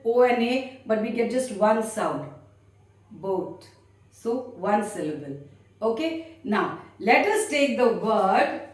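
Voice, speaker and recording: A woman's voice: fairly high pitch, far from the mic. A woman teacher patiently explaining a grammar lesson to children step by step. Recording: very echoey room, voice off-mic.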